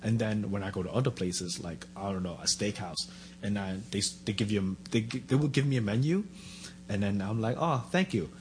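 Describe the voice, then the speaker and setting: A man's voice: on the low side, a little fast. Man, casual talker, acts out voices in anecdotes, faint hum behind. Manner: animated storyteller acting out quotes. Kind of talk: casual chat.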